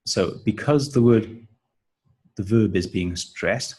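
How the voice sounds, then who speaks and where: A man working as a teacher trainer, giving a measured, explanatory walkthrough of classroom pronunciation activities. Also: on the low side, darkish tone, husky, low-quality recording. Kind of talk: instructional explanation.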